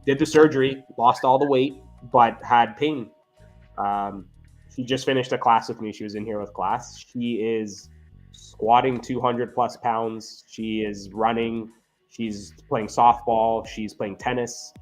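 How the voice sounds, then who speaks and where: A man's voice: mid-range voice, unhurried, faint music behind. A man who works as a physiotherapist, telling earnest stories in a casual interview and often checking in with "right?". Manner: earnest, animated, frequent "right?" tags. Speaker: physiotherapist guest.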